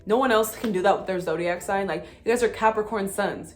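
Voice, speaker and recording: A young woman vlogging to camera in a casual, excitable way, full of slang, swearing and "like". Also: medium pitch, normal speed. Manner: excitable, slangy and profane, with frequent "like" fillers. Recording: faint music behind.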